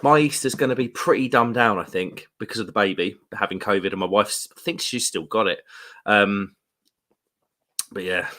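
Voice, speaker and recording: Low-voiced, chatty British man. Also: pushed and bright. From United Kingdom. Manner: chatty and rambling, quick laughs, slangy. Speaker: live stream host. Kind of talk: casual live stream chat, reading viewer comments. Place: room at home.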